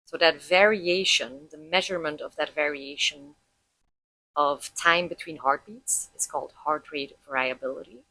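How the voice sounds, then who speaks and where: A woman teaching about heart rate and breath, calmly explaining and guiding listeners through a breathing practice step by step. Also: low-pitched, normal speed, husky, dry recording, poor audio. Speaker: breathwork instructor.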